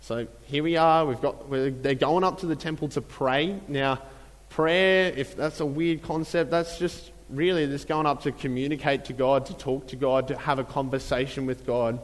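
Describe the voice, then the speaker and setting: A man preaching a sermon in a relaxed, conversational way, with many fillers and repeated phrases. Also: mid-range voice, moderate pace, in a large hall, poor audio. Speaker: pastor.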